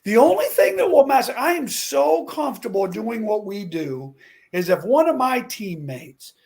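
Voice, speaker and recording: A middle-aged man, a former stuntman and drag racer, chatting as a talk-show guest and telling animated stories. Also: very high-pitched, measured pace, creaky. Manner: animated storyteller who acts out quotes. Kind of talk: casual talk-show chat.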